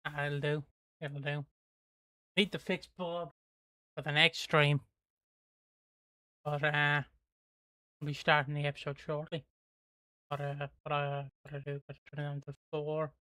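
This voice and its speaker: Flat-toned British livestream host muttering. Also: medium pitch, a little slow, long pauses, no echo. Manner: mutters to self, swears casually. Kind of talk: casual live-watch commentary.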